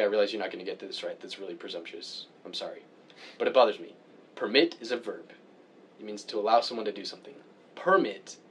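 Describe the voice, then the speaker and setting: A man in casual chat, opinionated and animated as he grumbles about things that bother him. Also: a little hiss or hum. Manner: animated, pitch jumps when worked up.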